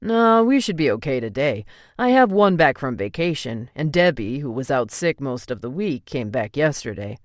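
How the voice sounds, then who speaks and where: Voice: mid-range voice, big pitch swings, moderate pace, no echo, clean studio sound, natural voice. A narrator voicing a brash young restaurant guy. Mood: matter-of-fact. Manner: blunt, swears casually. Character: brash casual young man, restaurant manager.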